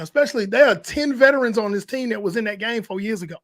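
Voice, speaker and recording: High-voiced man in lively sports banter. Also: fast. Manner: animated, acts out quotes in shifting voices. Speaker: podcast co-host. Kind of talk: casual sports talk.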